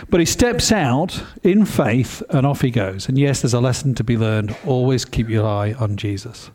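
Mellow-voiced preacher. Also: male voice, medium pitch, moderate pace. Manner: conversational and animated, with rhetorical questions. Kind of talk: sermon.

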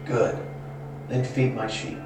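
A man playing a calm, patient teacher. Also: mid-range voice, takes it slowly, lightly acted. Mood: gentle. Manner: calm, brief, repeated questions. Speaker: actor in a played video skit. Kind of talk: church skit acting. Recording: echoey hall from far off, music behind.

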